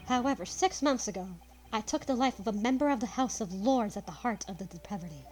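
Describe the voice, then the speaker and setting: Woman doing a solemn aristocrat's confession for a game dub; stumbling delivery, higher-pitched voice. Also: lively intonation, darkish tone, lightly acted. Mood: grave. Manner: slow, halting, stumbles over words. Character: male gentleman writing a murderer's confession. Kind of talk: reading game dialogue aloud.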